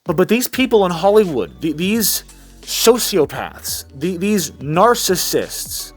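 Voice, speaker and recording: Sarcastic male commentator with a high voice, faint music underneath. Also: big pitch swings, slow pace. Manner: sarcastic, mocking, rambling with restarts. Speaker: commentary vlogger. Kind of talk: reaction commentary.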